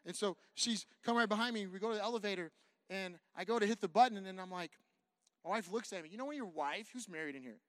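A male pastor from California preaches in a high, quick voice, telling a story with lively swings between near-whispers and loud bursts. He jokes with the congregation as he goes. The recording is dry, with no room echo. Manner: animated, swings from hushed to loud. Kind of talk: sermon storytelling.

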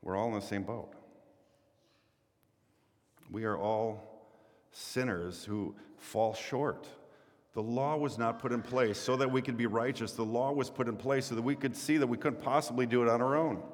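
A man preaching a sermon, telling a story with animated quoted voices and then dropping to a low, quiet delivery. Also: normal speed, in a large hall. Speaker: pastor.

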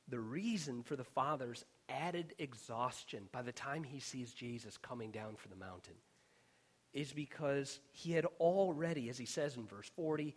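A man preaching a sermon as pastor, earnest and emphatic, sometimes dropping to a hushed whisper on key words. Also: medium pitch, normal speed.

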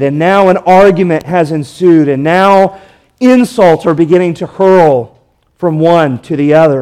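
High-voiced preacher asking rhetorical questions. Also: male voice, darkish tone. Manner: rhetorical questions, emphatic and dramatic. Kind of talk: expository sermon.

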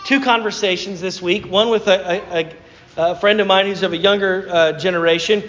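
A man's voice: high voice, fairly even intonation, fairly quick, a bit bright. A man with a Southern accent, preaching a sermon as a pastor, talking in a conversational, hesitant storytelling way with many fillers and restarts. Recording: dull sound with long hall reverb.

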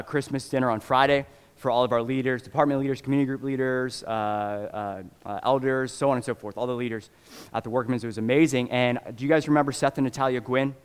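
Pastor, male, mid-pitched voice, chatty and animated storytelling, long echo of a church hall. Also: clear, resonant tone. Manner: casual, animated storytelling with many fillers. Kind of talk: sermon.

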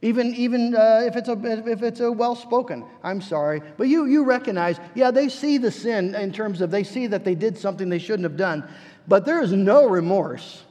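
Pastor, man, high voice, earnest sermon delivery with repeated words, long church-hall reverb. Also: dark tone. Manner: earnest, pleading, slows down for emphasis; repeats words as he searches for the next.

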